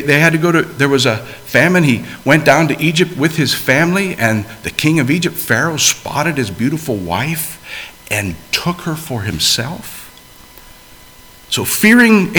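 A man preaching a sermon, swinging between loud emphasis and hushed, quiet asides. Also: fairly high pitch.

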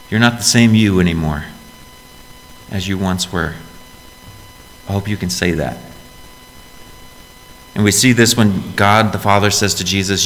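A man preaching a sermon as pastor, in a conversational style that lifts into emphatic, louder phrases. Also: steady tone, normal speed. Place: church sanctuary. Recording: long reverb in a church hall, faint rumble.

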